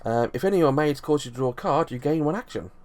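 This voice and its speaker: A man's voice: a little high, animated, quick pace, a little mellow. A man reviewing a board game, explaining the rules in a loose, rambling way and often restarting his sentences.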